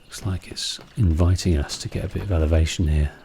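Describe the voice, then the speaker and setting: Low, mellow-voiced man musing over a game. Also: fairly even intonation, brisk, creaky, a little hiss or hum. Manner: musing, chatty, with fillers and restarts. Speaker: let's play host. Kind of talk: casual game commentary. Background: game music.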